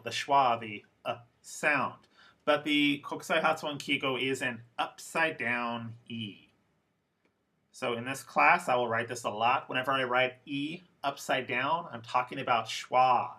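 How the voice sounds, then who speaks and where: A man teaching English pronunciation in a lecture, speaking deliberately and repeating example words slowly for learners. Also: mid-range voice, sharp tone. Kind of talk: recorded classroom lecture.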